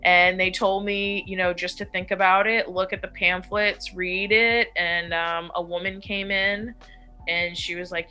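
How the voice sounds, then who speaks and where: Blunt, frank woman with a bright voice. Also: lowish voice, fairly even intonation, a little slow, smooth, soft background music. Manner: blunt and frank, with frequent swearing and fillers. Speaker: interviewee sharing a recovery story. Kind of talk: candid personal storytelling.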